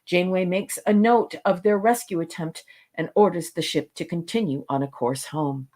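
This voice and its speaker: A woman's voice: fairly low pitch, moderate pace, darkish tone. Woman steadily reading an episode summary. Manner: reads steadily, wry asides at the text. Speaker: podcast co-host.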